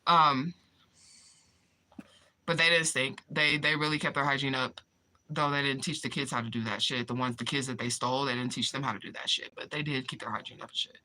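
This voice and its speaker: Woman livestreamer, bright and punchy voice, profane and candid, laughs a lot. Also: extremely low pitch, fairly even intonation, fairly quick. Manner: candid, profane, laughs often, answers viewers directly. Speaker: livestream vlogger reading chat comments. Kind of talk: casual livestream chat.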